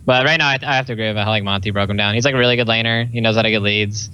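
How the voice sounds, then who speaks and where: A man's voice: fairly low pitch, fairly even intonation, racing, sharp tone, smooth. A man from the American South with a Southern drawl, a podcast guest talking in a laid-back, offhand way. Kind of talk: casual podcast chat. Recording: dull lo-fi voice line.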